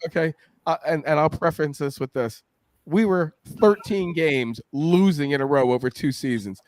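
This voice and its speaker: A man in his fifties hosting a casual chat, telling stories loudly and swearing freely. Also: a little high, moderate pace, no room sound. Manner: profane, boisterous storyteller. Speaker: podcast host.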